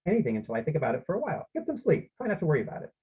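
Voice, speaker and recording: Man reading as a gentle, unflappable dad. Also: a little high, huge pitch swings, rapid-fire, slightly rough, exaggerated voice. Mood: calm. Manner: soft, sincere, mildly sing-song. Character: calm, gentle, unflappable father. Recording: slightly muffled lo-fi audio.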